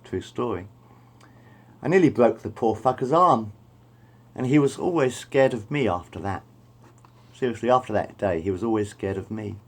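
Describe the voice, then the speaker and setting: A middle-aged man with a lowish voice tells a personal story in a meandering, repetitive way. He keeps circling back and correcting himself, casual and unscripted. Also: normal speed, long pauses.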